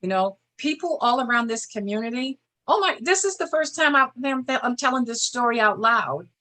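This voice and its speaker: Bright-voiced older woman, earnest guest. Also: on the high side, lively intonation. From Boston area. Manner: earnest, measured, speaks in short restarts. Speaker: interview guest, former state senator. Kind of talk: reflective interview talk.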